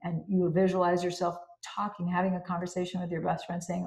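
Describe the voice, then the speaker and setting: Slow, deliberate self-help woman, lowish voice. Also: flat delivery, vocal fry, darkish tone, reverberant. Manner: slow, deliberate, lists words one by one. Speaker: self-help channel host. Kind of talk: spoken reflection on a self-help book.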